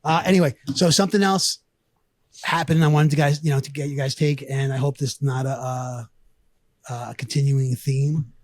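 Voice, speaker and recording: A man's voice: mid-range voice, moderate pace, dry recording, studio quality. A man co-hosting a casual podcast, telling stories with energy, swearing and acting out quotes. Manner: animated storyteller, swearing, acts out quotes. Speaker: podcast co-host. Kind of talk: casual chat, storytelling.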